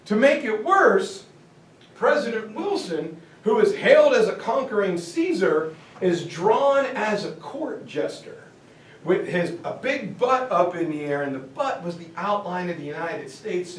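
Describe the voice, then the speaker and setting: A man lecturing on history in a lively, joking way. His voice runs high and bright. He is picked up from a distance in a roomy, echoing hall with a faint hiss behind. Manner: animated, joking, slips into comic voices. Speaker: history teacher. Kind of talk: jokey classroom lecture. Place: classroom or hall. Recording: echoey room, far from mic, faint hiss.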